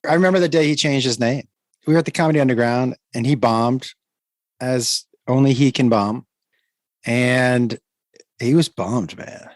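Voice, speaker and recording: A man telling stories about an old comedian friend in an interview, animated and acting out the exchanges he recalls. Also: medium pitch, normal speed, no room sound. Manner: lively anecdote-teller, acts out dialogue. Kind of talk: anecdotal storytelling.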